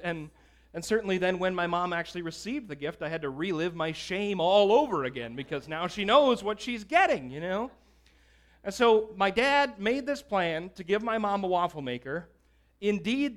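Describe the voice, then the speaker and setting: High-voiced pastor telling a story. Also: male voice, expressive, moderate pace, a bit bright. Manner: conversational storytelling with fillers. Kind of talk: sermon.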